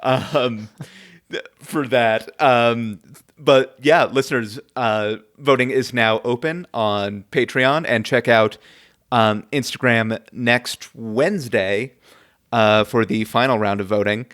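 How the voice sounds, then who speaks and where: A man's voice: mid-range voice, slow pace, fairly bright tone. Hesitant male podcast host. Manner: hesitant, many ums, chuckles often. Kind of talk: casual chat.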